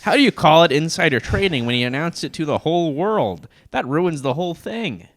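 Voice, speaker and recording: Irreverent man with lively, swinging pitch. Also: brisk, no room sound, clean studio sound. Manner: irreverent, profane quips, reads quotes aloud. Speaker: comedian podcast co-host. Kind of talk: casual comedic banter.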